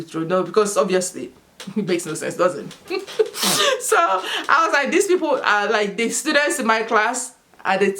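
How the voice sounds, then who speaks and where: A woman from Africa giving casual school advice as a vlogger, telling stories with frequent bursts of laughter, outdoors in the sun. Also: medium pitch. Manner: animated storytelling with frequent laughter. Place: outdoors in sunlight.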